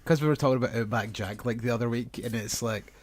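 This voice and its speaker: A man's voice: mid-range voice, fast, dry recording. A man co-hosting a podcast in casual chat, sweary and jokey, often slipping into silly voices. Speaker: podcast co-host.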